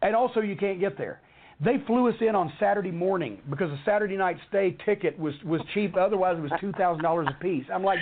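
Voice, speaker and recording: A middle-aged man with a fairly high voice tells a long, rambling backstage story, swearing freely and getting worked up as he goes. The sound is thin and tinny, like a phone line. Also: fast. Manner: heated, cursing, rambling storyteller. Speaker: wrestling storyteller. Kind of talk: profane anecdote on a talk show.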